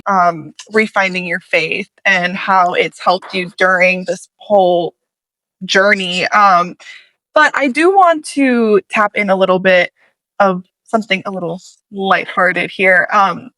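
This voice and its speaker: A woman's voice: medium pitch, measured pace, pushed and bright, no room sound, rough recording. A woman hosting an interview. She is enthusiastic and hesitant, with many "um" fillers as she asks her questions. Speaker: interview host. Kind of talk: casual interview chat.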